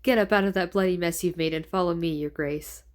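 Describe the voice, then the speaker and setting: A woman's voice: fairly low pitch, fairly even intonation, fairly quick, close to an everyday voice. A woman voicing a flamboyant, menacing male demon lord in her own ordinary voice, with a mocking, theatrical drawl.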